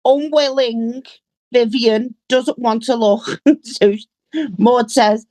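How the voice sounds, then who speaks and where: A woman co-hosting a podcast, telling an old sitcom plot in a slow storytelling way. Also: fairly high pitch, steady tone, a little mellow, no room sound. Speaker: podcast co-host. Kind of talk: casual chat recapping a sitcom episode.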